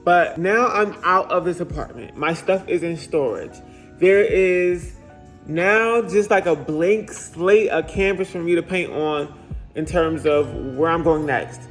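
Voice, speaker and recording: Young guy w/ aave vlogging outdoors on his phone, chatty n animated, fairly high voice, music under it. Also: unhurried. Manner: chatty, animated, playful asides, laughs often. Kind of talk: casual vlog chat. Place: outdoors in a city park and in a car.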